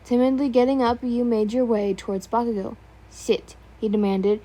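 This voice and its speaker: A woman's voice: on the high side, steady tone, brisk, warm tone, rough recording. A woman reading fan fiction aloud, stumbling over words now and then and remarking on typos. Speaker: story reader.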